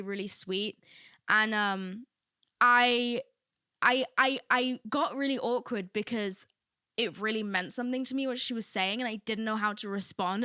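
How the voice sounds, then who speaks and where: A woman's voice: a little high, bright, forceful tone, no echo, studio quality. A young woman hosting a casual solo podcast, rambling candidly with lots of "like" asides. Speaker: podcast host.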